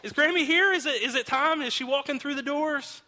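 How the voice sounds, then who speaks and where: A man's voice: very high-pitched, brisk, sharp tone, slight background noise, voice pushed up, exaggerated voice. A man voicing impatient little children who whine and keep asking questions, heard with long hall reverb. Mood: eager. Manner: whiny, pleading, repeating questions. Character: impatient little kids whining for grandma.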